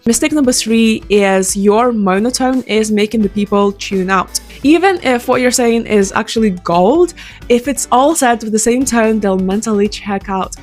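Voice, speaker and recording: A young woman talks close into a microphone, handing out sales advice in a direct, upbeat, conversational way. Her pitch sits in the middle of the range for a woman. Soft background music plays faintly behind her. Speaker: sales coach. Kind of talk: casual talking-head advice.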